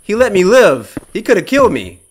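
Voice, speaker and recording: A young man giving casual commentary on a horror game, loud, jumpy and swearing, taunting the monster and then panicking. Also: sits high, sing-song, brisk, a little hiss or hum. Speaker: gameplay streamer.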